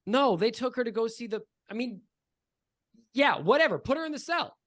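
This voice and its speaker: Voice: mid-range voice, expressive, moderate pace, no echo, studio quality, pitched above the performer's own voice, close to an everyday voice. A game master playing an impatient crime boss who belittles an underling. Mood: irritated. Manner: curt, condescending. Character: irritable gang boss, insulting and impatient.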